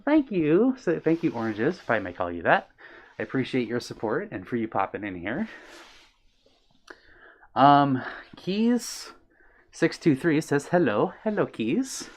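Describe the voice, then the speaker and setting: A man on a live stream, chatting with viewers in a friendly, easygoing way. His pitch sits in the middle for a man. He reads chat messages aloud and fills the gaps with ums and uhs. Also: wildly swooping pitch, measured pace, pauses often. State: a little out of breath. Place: his own room on stream.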